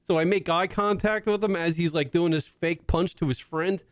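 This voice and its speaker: A man in his thirties co-hosts a comedy talk podcast, telling stories in a profane, animated way. His voice sits a little high. The sound is dry and close to the mic. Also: normal speed, dry recording. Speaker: podcast co-host. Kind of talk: casual comedy chat.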